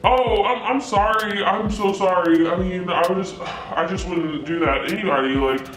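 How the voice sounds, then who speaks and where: A woman's voice: fairly low pitch, moderate pace, voice pushed down, natural voice. A woman voicing a pushy drunk young man who keeps making excuses in a mumbling, sheepish way. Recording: echoey room, faint music.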